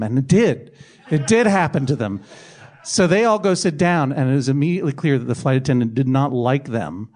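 A man's voice: mid-range voice, expressive, brisk, darkish tone. A middle-aged man telling a comic anecdote on a podcast, self-mocking and laughing through it. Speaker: podcast guest telling a story.

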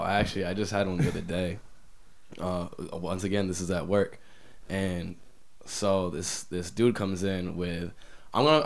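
Young dude rambling thru a work story, lots of "like", kinda low voice. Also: male voice, gravelly. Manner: rambling, heavy use of "like", restarts. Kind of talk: casual chat, storytelling.

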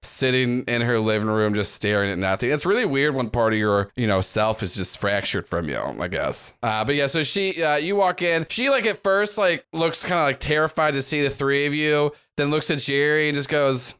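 A man's voice: mid-range voice, moderate pace, few pauses, a bit bright, smooth. A man narrating a tabletop game as game master, in a loose, rambling way with many fillers. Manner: rambling, filler-heavy, casual.

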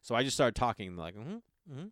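A man's voice: medium pitch, very fast, a bit bright, no room sound, clean studio sound. A man, an actor, telling a casual anecdote in a rambling way, with a constant filler 'like'.

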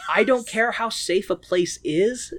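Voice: medium pitch, unhurried, fairly bright tone. A podcast host recapping a film in casual chat, crude and sarcastic.

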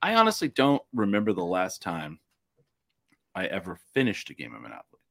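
A hungover young man rambling on a podcast with a low voice that swings widely in pitch. He jokes around and drifts between thoughts in loose, casual chat. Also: wildly swooping pitch, a little fast, vocal fry, a bit bright. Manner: rambling, jokey, acts out quotes. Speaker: podcast co-host.

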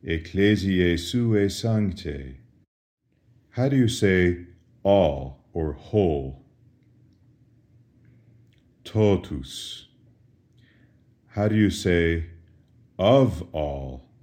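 A man, a priest, teaching Latin responses in a slow drill, asking each phrase and answering with careful, precise pronunciation. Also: low-pitched, expressive, warm tone. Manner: slow, deliberate, repeats questions and answers.

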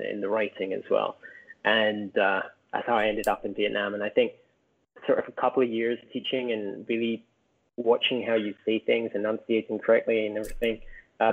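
A man from Scotland with a softened Scottish accent, chatting casually as a podcast guest, rambling and correcting himself as he goes. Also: lowish voice, vocal fry. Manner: rambling, self-correcting, chuckles often. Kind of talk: casual chat. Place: home in Vietnam. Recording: tinny phone-like remote call.

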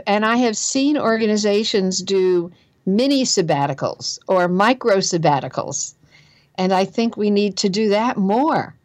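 A woman's voice: medium pitch, no room sound. A woman with a New Jersey accent, a guest author talking about careers in an emphatic, earnest way and repeating phrases for stress. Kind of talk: conversational interview.

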